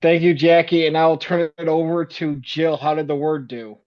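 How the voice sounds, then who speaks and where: A man's voice: fairly high pitch, flat delivery, normal speed. Man hosting a meeting, muffled mic. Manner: polite, hands speakers over. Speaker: meeting host. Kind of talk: meeting facilitation.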